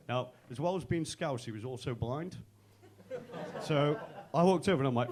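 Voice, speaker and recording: A man's voice: fairly high pitch, expressive, fast, a little mellow. A young man from Manchester, doing a stand-up set at a comedy club, telling brash stories full of swearing and acting out what his friends said. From Manchester, England. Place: comedy club stage with a live audience.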